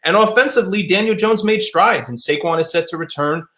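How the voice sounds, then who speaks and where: A man's voice: sits high, brisk, bright, forceful tone, reverberant. A man hosting a sports panel show, recapping the season and handing questions to his co-hosts.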